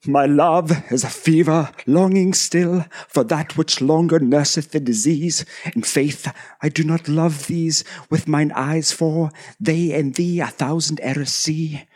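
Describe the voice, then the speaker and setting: A man putting on a deliberately bad impression of a pompous male starship captain, reciting Shakespeare with melodramatic stage declamation. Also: a little high, steady tone, darkish tone, voice pushed up. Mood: lovelorn.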